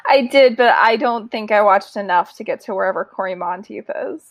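A woman's voice: medium pitch, brisk, no room sound. A woman co-hosting a casual chat, agreeable and filling in details, tired and yawning. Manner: agreeable, fills in show details. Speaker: podcast co-host.

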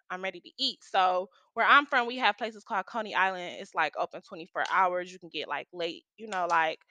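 A woman's voice: medium pitch, bright, forceful tone, dry recording. A young woman telling a story in a casual vlog, with lots of slang and profanity. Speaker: storytime vlogger.

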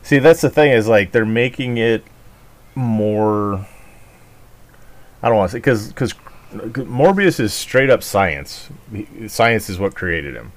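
Low voiced dude on a podcast, super animated pitch, laughs a lot, swears. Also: male voice, takes it slowly. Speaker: podcast co-host. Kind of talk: casual chat.

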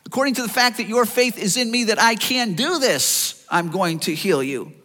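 A male pastor preaching a sermon, animated, acting out the voices of people in the story. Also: high-pitched, moderate pace. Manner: animated preaching, acts out voices of listeners and Jesus. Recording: long reverb of a church hall.

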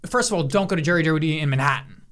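A man co-hosting a podcast in casual chat, throwing in quick, wry, blunt remarks. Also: fairly high pitch, animated, fairly bright tone. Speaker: podcast co-host.

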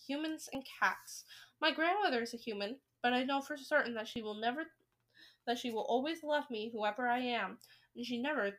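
A woman reading a children's novel aloud, with lively, expressive storytelling. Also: a little high. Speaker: reader.

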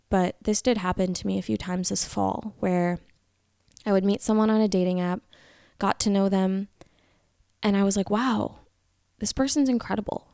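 Young woman, vlogger, earnest, reflective, gravelly voice, dry sound. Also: mid-range voice, no room sound. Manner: earnest, reflective, confessional, drifting into soft whispers. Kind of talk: candid personal talk to camera.

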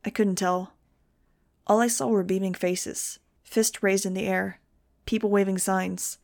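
A woman's voice: medium pitch, level tone, measured pace, creaky, a little mellow. A woman narrating a novel in a wry first-person style for a fan audiobook. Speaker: audiobook reader.

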